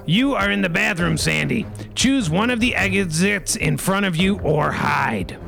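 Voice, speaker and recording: A high, bright male voice with a gravelly edge, running an improv comedy game as game master. He announces each twist theatrically and leans on a rhyming catchphrase, with faint music behind him. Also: animated, unhurried.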